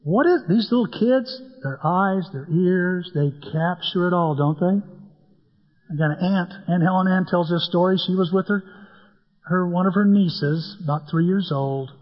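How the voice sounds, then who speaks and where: A man's voice: sits high, unhurried. An older man preaching a sermon as pastor, in a folksy way that weaves in stories and humor. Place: church sanctuary. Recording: dull sound with long church-hall reverb.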